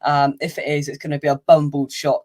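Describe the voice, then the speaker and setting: A man's voice: a little high, level tone, a little fast, a little mellow. A man hosting a casual, upbeat football fan show, chatting with guests and laughing easily. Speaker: host of a fan channel's pre-match show.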